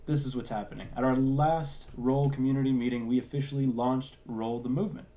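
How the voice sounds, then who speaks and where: A man's voice: mid-range voice, dark tone. A man, a services and support minister, reading church announcements in an upbeat, enthusiastic way over a video call.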